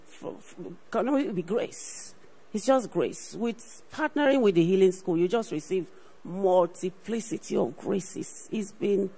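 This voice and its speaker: Gravelly-voiced woman giving a church testimony. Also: mid-range voice, a little mellow, rough recording. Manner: earnest, frequent "you know" and repeats. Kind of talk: personal faith testimony. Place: on stage at a church program.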